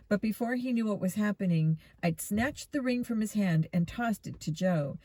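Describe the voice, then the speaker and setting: A woman reading a children's mystery book aloud in a steady storytelling manner. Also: on the low side, normal speed, few pauses, no room sound. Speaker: reader.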